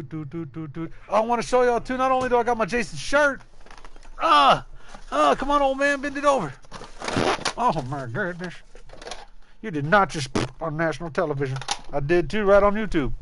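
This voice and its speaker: A man's voice: fairly high pitch, a bit bright. A man chatting casually and profanely to viewers while streaming a game, rambling and joking. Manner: loose and profane, rambling, jokey. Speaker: gaming streamer. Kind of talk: casual live-stream chat.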